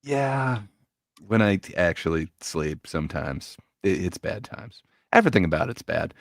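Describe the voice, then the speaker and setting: A man with a very low voice on a casual livestream panel, telling stories in a relaxed way. His sound is dry and close, with no room in it. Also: normal speed, vocal fry, no room sound. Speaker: panel guest.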